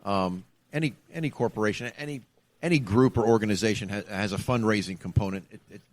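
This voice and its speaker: Animated middle-aged man telling a story. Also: fairly low pitch, fast. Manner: animated, acts out the calls. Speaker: podcast co-host, ex-trooper. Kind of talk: casual storytelling chat. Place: bar.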